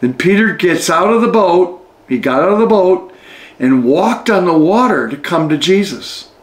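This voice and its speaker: A man leading a book study, reading passages aloud and pausing to reflect on and explain them. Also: sits high, lively intonation. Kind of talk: reading aloud with spiritual commentary. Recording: echoey room.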